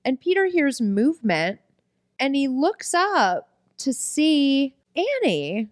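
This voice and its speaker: A woman co-hosting a podcast, recapping a film casually with jokes, swearing and lively reactions. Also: high voice, slow pace, no echo, clean studio sound. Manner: playful, jokey, swears, reacts with gasps and exclamations. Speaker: podcast co-host.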